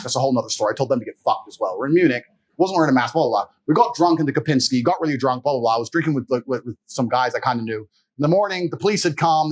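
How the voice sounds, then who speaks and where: A man in a podcast chat, telling boastful stories in a brash, profane way and laughing often. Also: medium pitch. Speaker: podcast guest. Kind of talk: casual storytelling chat.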